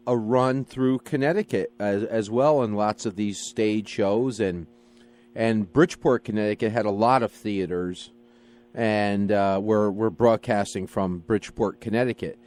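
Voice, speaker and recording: A man's voice: on the low side, unhurried, a little mellow, faint music behind. Radio host man asking friendly questions. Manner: friendly, hesitant questioning with fillers. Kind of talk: radio interview. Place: radio studio.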